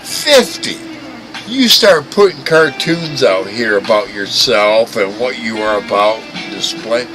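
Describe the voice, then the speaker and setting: A man's voice: lowish voice, animated, takes it slowly, rough recording. A man hosting a livestream, ranting and mocking in a crude, profane way, often stammering and restarting. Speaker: livestream host. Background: music playing.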